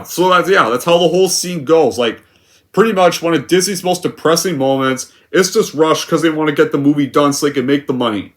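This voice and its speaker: A man with a somewhat high voice rants through a movie review. He rambles, scatters "like" fillers everywhere and sounds scornful and exasperated. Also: fairly bright tone. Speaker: film reviewer.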